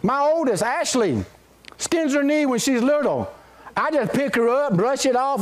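Man, middle-aged pastor, high voice, very animated pitch, folksy joking sermon. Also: moderate pace. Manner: folksy, joking, calls out amen to the congregation. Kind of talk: sermon with scripture reading and prayer.

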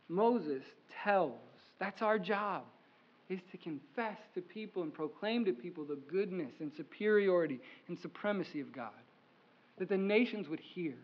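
A man preaching a sermon as pastor, emphatic and repetitive, in a church. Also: high-pitched. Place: church sanctuary. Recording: slightly muffled sermon audio.

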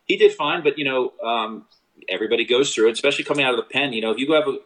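A young man tells stories from his college baseball days in a loose, casual chat. His voice sits at an ordinary middle pitch. He jumps up sharply in pitch whenever he acts out what someone said. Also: racing, low-quality recording. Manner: animated storyteller, acts out quotes with big pitch jumps. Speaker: former college baseball catcher telling stories.

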